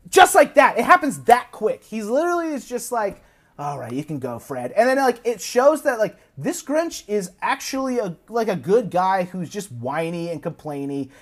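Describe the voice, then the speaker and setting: Lively high-voiced man telling a story. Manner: animated, recounts plots with quick put-on quotes. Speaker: podcast guest. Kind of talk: casual storytelling chat.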